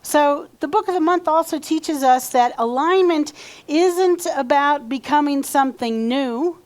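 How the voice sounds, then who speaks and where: A woman's voice: sits high, measured pace, darkish tone. A woman reverend giving a conversational sermon in church and leading the congregation in repeated affirmations. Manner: conversational, leads call-and-response affirmations. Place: church sanctuary.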